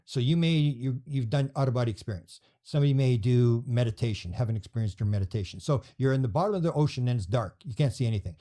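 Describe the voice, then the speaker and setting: A man being interviewed as a guest, telling stories quickly and acting out the people he quotes. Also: medium pitch, warm tone. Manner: rapid storytelling, acting out quoted voices. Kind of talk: storytelling in a podcast interview.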